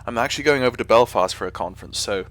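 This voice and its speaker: Speaking very fast in a mid-range, slightly bright voice, a man from England rambles through casual live-stream chat as he flies a simulator, often catching and correcting himself.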